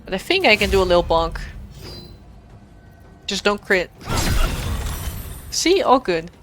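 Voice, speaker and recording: A woman's voice: mid-range voice, big pitch swings, measured pace. Playful woman streamer chatting mid-game. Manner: chatty, playful, talks to her chat while playing. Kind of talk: casual gameplay commentary. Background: faint game music.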